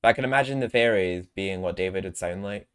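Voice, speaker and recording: Deep-voiced chatty gaming streamer man. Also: fast, smooth. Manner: chatty, laughs often, swears. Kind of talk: casual gameplay commentary. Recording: game music underneath.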